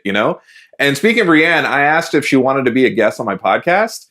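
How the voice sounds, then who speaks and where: A man's voice: on the high side, very animated, fast talker, fairly bright tone. A man hosting a podcast in casual chat, laughing often and stammering on restarts. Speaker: podcast host.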